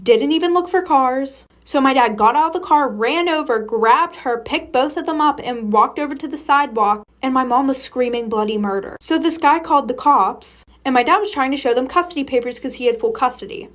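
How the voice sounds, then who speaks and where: A young woman with a high voice tells personal stories in a casual story-time format. She is candid and blunt and swears without hesitation. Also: fairly quick, hardly any pauses.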